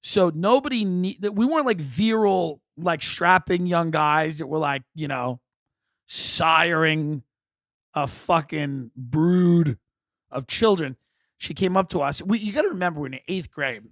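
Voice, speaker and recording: A middle-aged man hosting a comedy podcast, telling a story in a profane, animated, exaggerating way. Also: on the high side, unhurried, no echo, studio quality. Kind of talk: comic storytelling.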